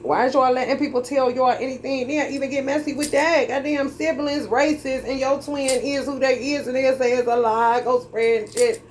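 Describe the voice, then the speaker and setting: A woman's voice: sits high, steady tone, normal speed, few pauses, a little hiss or hum. A woman giving a tarot reading in a heated, preachy and profane monologue, drawling and emphatic as she talks straight at her viewers. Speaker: tarot reader.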